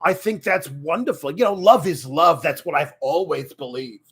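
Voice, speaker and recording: A man's voice: a little high, normal speed, fairly bright tone, breathy edge. A man putting on a throaty, gushing older woman. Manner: gushing, effusive, greets chat viewers. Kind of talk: live stream character commentary.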